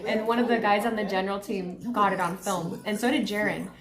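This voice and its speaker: A woman hosting a live watchalong stream, talking casually and rambling with lots of fillers, her voice a bit hoarse. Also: mid-range voice, steady tone, a little fast, reverberant, crowd noise. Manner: chatty, rambling, heavy use of "like". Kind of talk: live casual reaction chat.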